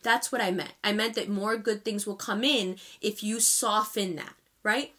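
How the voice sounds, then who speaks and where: With a bright, forceful, medium-pitched voice and fairly even intonation, a thirtysomething woman delivers her monthly tarot reading direct to camera. She speaks at a moderate pace, impassioned and emphatically direct.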